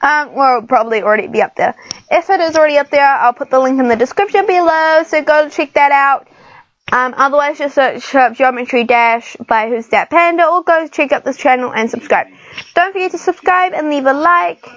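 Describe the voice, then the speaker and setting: A woman's voice: high-pitched, brisk, a bit bright, dull audio. A woman, chatting and giggling casually as she talks through a computer game for her channel. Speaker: gaming channel host. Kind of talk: casual screen-recorded gameplay commentary.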